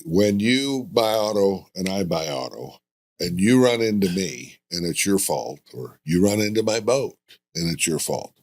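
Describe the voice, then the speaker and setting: A man's voice: sits low, lively intonation, a little slow. A man hosting a podcast, talking casually and emphatically, with frequent rhetorical questions. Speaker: podcast host.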